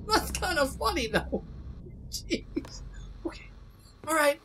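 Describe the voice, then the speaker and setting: A woman hosting a horror game let's play, jumpy and excitable, talking to herself with yelps and nervous laughs. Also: sits high, slow, pauses often, slight background noise, poor audio. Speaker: gaming channel host.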